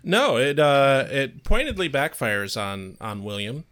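A man co-hosting a casual podcast chat, halting with frequent fillers and casual swearing. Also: medium pitch, sing-song, a bit bright. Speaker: podcast co-host.

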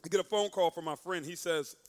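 A young adult man, a guest speaker, telling a personal story as a sermon and acting out the quoted lines with sudden loud bursts. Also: a little high, brisk.

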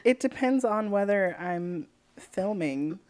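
A woman guest on a podcast, frank and joking in casual chat. Her mid-range voice moves lively up and down. Clear background noise sits under her. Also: mid-range voice, slow.

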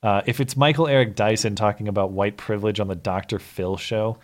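A man with a fairly low voice co-hosts a casual podcast. He talks through viewer comments with halting restarts. His voice is lowish and relaxed. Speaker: podcast co-host.

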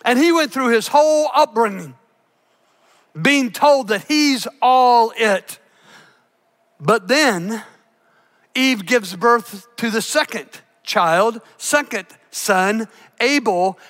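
A man preaching a sermon, swinging from hushed, soft passages to loud, shouted peaks. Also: extremely high pitch. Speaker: pastor.

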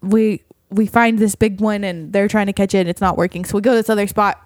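A woman's voice: mid-range voice, fairly even intonation, fast, a little mellow, no echo, studio quality. A woman telling a story in casual chat, laughing often and acting out what people said.

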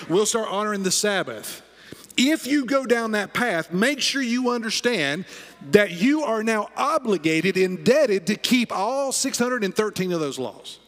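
In a church sanctuary, a pastor preaches an emphatic sermon and repeats key phrases. His voice sits high and a bit bright, and the church hall adds a long reverb.

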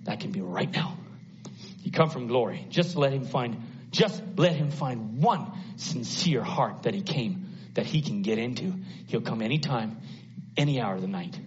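A man preaching a sermon at a church service, dramatic, acting out the voices in the story and swinging from hushed to loud. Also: medium pitch, expressive, moderate pace. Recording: dull lo-fi sound.

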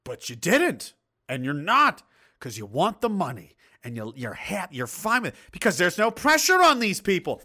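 A man's voice: on the high side, bright, forceful tone. A man hosting a livestream, ranting in crude, mocking, blunt commentary and reading out viewer comments. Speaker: livestream host reading chat.

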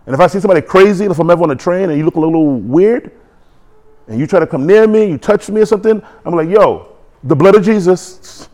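A man's voice: high voice, animated, fast, darkish tone. A man preaching a sermon in an emphatic call-and-response manner.

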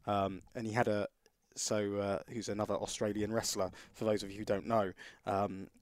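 A man's voice: fairly low pitch, flat delivery, normal speed, no room sound, clean studio sound. A man co-hosting a podcast, talking casually and telling rambling stories full of restarts. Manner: rambling storyteller, restarts sentences. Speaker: podcast co-host.

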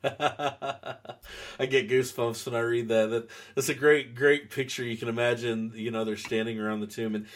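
A man co-hosting a casual Bible discussion podcast, lively and joking, acting out quoted lines. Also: mid-range voice, normal speed. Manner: animated, jokey, acts out quotes. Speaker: podcast co-host.

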